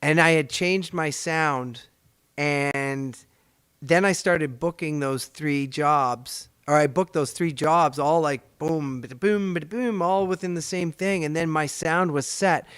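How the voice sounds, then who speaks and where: A middle-aged man from Canada, a voice actor hosting his show, telling stories in an animated, rambling, chatty way. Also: fairly high pitch, measured pace, clean tone, no room sound, studio quality. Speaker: podcast host and voice actor. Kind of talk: casual storytelling chat.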